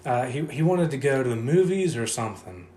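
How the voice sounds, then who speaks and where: A man's voice: mid-range voice, expressive, a little fast, dark tone. A man in his twenties, co-hosting a podcast, telling a profane story in casual chat and laughing often. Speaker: podcast co-host. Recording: roomy echo, faint noise.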